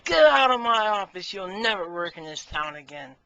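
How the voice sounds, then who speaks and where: A man voicing a vain, quick-tempered male boss with no ears who shouts in outbursts. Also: a little high, lo-fi sound. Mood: furious. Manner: shouts in outbursts, then gushes.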